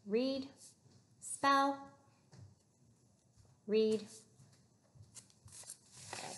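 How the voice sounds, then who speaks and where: A woman teaching a recorded phonics lesson to young children, giving slow, clear prompts with pauses for them to answer. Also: on the high side, slight background noise. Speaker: reading teacher.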